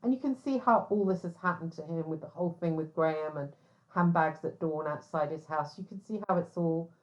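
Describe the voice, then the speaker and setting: A woman's voice: low-pitched, brisk. Sardonic woman telling stories. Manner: chatty, sardonic, animated storytelling. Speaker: private investigator. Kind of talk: casual monologue. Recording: slightly dull lo-fi audio.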